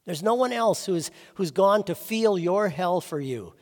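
A man's voice: high-pitched, lively intonation, a little slow, darkish tone, long reverb tail. A man preaching a chapel sermon as chaplain, earnest and storytelling, rising for emphasis.

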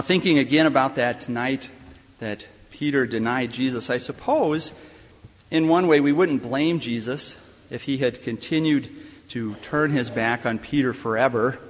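A man delivers a sermon in a chapel, pausing deliberately between rhetorical questions. His voice sits in an ordinary middle pitch. The long reverb of the room trails after each phrase. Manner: measured, emphatic preaching with deliberate pauses and rhetorical questions. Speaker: chaplain preaching in a school chapel. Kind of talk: sermon and closing prayer.

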